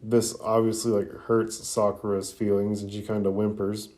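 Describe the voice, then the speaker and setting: A man's voice: lowish voice, little pitch movement, moderate pace, a little mellow. A man hosting a podcast, giving a casual, conversational recap with fillers and blunt asides. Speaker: podcast host reviewing an anime episode.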